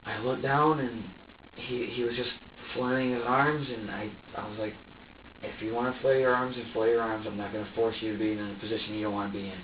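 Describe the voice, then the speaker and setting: A man being questioned by police, talking haltingly with many restarts and acting out his own past words. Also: lowish voice, little pitch movement, slight background noise. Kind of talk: police interrogation. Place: interrogation room. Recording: distant echoey phone-like archive audio.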